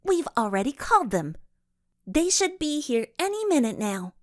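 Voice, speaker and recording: A woman's voice: high-pitched, very animated, normal speed, dry recording, studio quality, pitched above the performer's own voice. A woman voicing a sensible young girl detective who speaks in a wry, matter-of-fact way, in an audiobook reading.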